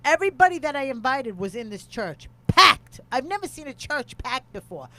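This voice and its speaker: A woman's voice: sits high, very animated, a little fast. A middle-aged woman, a podcast co-host, telling brash stories in a casual chat and laughing easily.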